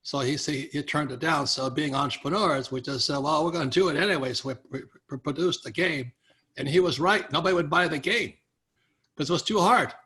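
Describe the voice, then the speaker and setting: An older man with a bright, forceful voice sitting higher than most men's, spinning an anecdote for an interviewer. He slips into other people's voices as he quotes them and chuckles along the way. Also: brisk. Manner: animated storyteller, acts out quoted people, chuckles often. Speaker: interview guest, author. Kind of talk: storytelling in a conversational interview.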